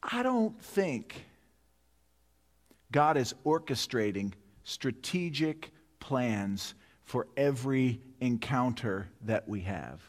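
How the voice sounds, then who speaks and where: A man's voice: mid-range voice, very animated, slow. A pastor in his fifties preaches in a sanctuary, his mid-range voice carried on a long, ringing reverb. He tells a vivid personal story, then drives toward his point with emphatic, repeated appeals. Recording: long reverb of a large hall.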